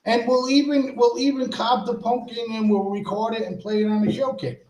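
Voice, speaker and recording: A man's voice: very high-pitched, level tone, brisk, darkish tone, roomy sound, low-quality recording. A man co-hosting a casual talk show, playful and putting on announcer hype. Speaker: co-host. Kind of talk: casual chat.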